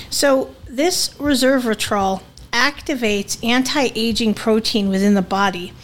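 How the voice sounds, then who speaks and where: A woman co-hosting a podcast in casual chat, with a Southern US accent that slips into New England, talking bluntly and joking crudely. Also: fairly high pitch. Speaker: podcast co-host.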